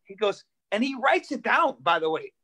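A male stand-up comedian telling animated stories on a video call, repeating himself and acting out voices. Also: sits high, normal speed. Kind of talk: comedic storytelling on a live online show.

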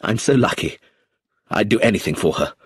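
A man reading aloud plays a volatile middle-aged man in a storybook mystery, his husky voice swinging widely up and down as his temper flares. The sound is dry and close, with no room around it. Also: lowish voice, lively intonation, normal speed, no room sound, exaggerated voice. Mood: remorseful. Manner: bursts into agitated, rising outbursts.

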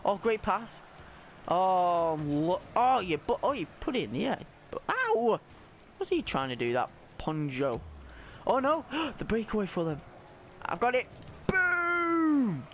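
Excitable young man shouting over gameplay. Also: unhurried, slight background noise. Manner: excitable, shouts and squeals at plays; voice cracks high when excited. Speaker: gaming YouTuber. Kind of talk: live gameplay commentary.

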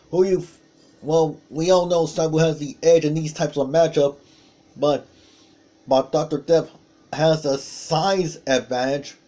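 A man calls a wrestling bout blow by blow, breaking into excited yelps as each move lands. His voice sits a bit high but has a soft, mellow tone, and he takes his time between calls. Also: a little slow, long pauses. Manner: excited exclamations, calls out moves. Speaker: commentator. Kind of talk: play-by-play commentary on a wrestling match.

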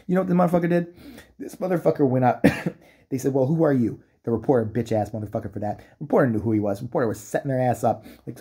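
A man's voice: medium pitch, racing, dark tone, breathy edge. A man delivering a profane, mocking comedic rant, breaking into exaggerated impressions. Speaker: comedic commentator. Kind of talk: ranting comedic commentary.

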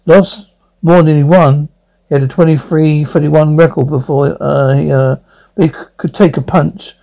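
A man's voice: fairly high pitch, fairly even intonation, moderate pace, vocal fry, dark tone, poor audio. A man voicing a brooding young blind lawyer at confession, stammering through his memories in an amateur audio drama.

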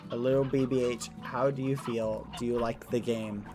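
A man's voice: mid-range voice, little pitch movement, normal speed. A man livestreaming a game, chatting with his viewers in a playful, teasing way, with game music behind him. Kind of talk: casual game stream chat.

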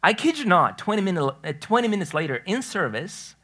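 A man's voice: sits high, big pitch swings, a little fast, bright, forceful tone, husky. A man preaching a conversational sermon in a church, telling a personal story in a chatty way and often restarting his sentences. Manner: storytelling, chatty, self-correcting, laughs at his own story. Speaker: pastor. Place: church sanctuary.

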